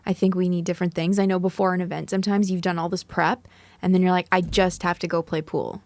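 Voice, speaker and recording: A woman's voice: on the low side, flat delivery, quick pace, darkish tone, dry recording. A woman co-hosting a podcast, speaking in an encouraging, agreeable and reflective way in casual chat. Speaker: podcast co-host.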